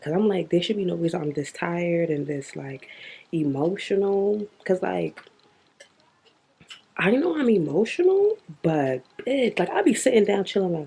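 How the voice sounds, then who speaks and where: Young woman vlogger, dark mellow tone, frank and profane. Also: low voice, slightly rough. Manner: blunt, profane, chatty. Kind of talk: casual video diary chat.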